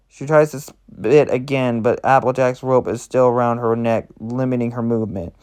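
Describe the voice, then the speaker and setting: A man narrating a roleplay aloud in a plain, steady reading voice. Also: mid-range voice, moderate pace, few pauses, clear, resonant tone.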